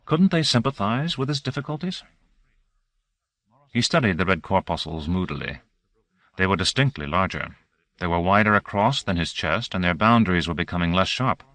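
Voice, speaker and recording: A man narrating an audiobook in a steady, measured reading. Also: deep voice, no room sound.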